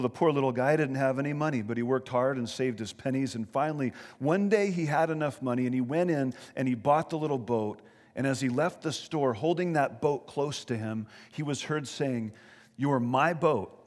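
A man's voice: mid-range voice, brisk, darkish tone. A man preaching a sermon as pastor, telling a story with earnest, emphatic rises in his voice. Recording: long hall reverb.

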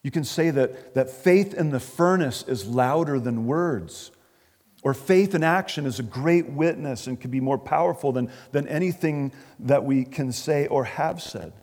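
A man's voice: medium pitch, unhurried, a little mellow. A man preaching an expository sermon, earnest, often repeating words as he stresses a point. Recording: long reverb of a large hall.

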